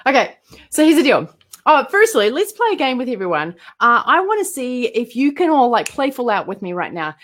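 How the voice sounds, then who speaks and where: A woman's voice: high voice, sing-song, brisk, a bit bright. A woman, a bubbly and exclamatory entrepreneur speaking as the guest of a live online interview.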